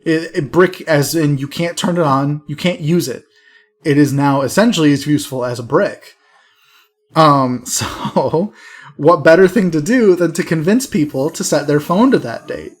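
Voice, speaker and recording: A man's voice: a little high, moderate pace. A man co-hosting a casual podcast, explaining an internet prank in a wry, laughing way. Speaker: podcast co-host. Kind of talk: casual chat.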